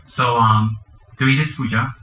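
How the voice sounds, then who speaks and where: A man leads a dharma teaching, chanting mantras and walking the group through the practice with the odd joke. His voice is bright and forceful, and it rings in an echoey room with faint ambience behind it. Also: medium pitch, fairly even intonation, unhurried, slight background noise. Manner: chants mantras and gives practical instructions, joking asides. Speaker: Buddhist teacher.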